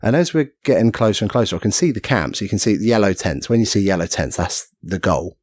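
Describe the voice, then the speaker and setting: Rambling low-voiced man telling a story. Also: lively intonation, fast talker, no echo, clean studio sound. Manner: rambling, self-mocking, acts out quoted voices. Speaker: podcast guest. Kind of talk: casual storytelling chat.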